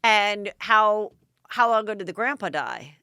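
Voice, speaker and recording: A woman's voice: medium pitch, animated, unhurried, bright, forceful tone, clean tone, dry recording, studio quality. A woman hosting a podcast, chatting casually and asking a guest gossipy, probing questions. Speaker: podcast host. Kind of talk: casual interview chat.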